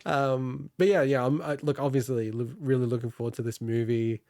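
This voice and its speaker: A man's voice: mid-range voice, fairly even intonation, fairly quick, a little mellow. A man co-hosting a casual gaming podcast, laughing often and rambling with restarts. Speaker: podcast co-host. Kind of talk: casual chat.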